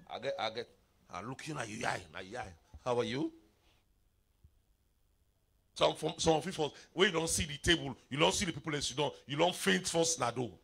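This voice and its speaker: This is a middle-aged preacher in full sermon flow, swinging from low asides to sudden shouts. His voice is bright and a little gravelly, and his pitch leaps all over as he teases the congregation. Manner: animated preaching in pidgin-laced English, sudden shouts and playful asides. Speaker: apostle preaching at a revival.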